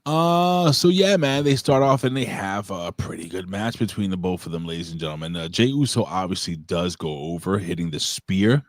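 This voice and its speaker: A man's voice: sits low, moderate pace, few pauses, no room sound. A man hosting a casual wrestling review show, joking and slipping into announcer-style hype. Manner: animated, announcer-style shouting bits. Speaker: show host.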